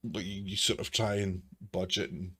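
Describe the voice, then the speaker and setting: A man's voice: deep voice, fairly even intonation, normal speed, a bit bright, slightly rough. A man narrating a tabletop game as game master, with a hesitant, filler-laden way of talking. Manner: hesitant, many repeated fillers.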